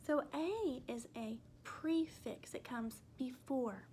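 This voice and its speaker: A woman teaching a first grade phonics lesson, speaking gently and spelling out letters slowly for young children. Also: sits high, animated, a little hiss or hum.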